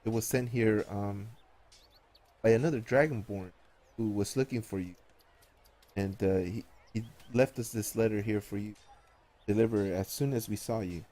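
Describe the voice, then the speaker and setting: A man's voice: lowish voice, steady tone, normal speed, long pauses, mellow, close to an everyday voice. A man voicing a polite young male apprentice delivering an urgent message in a tabletop game.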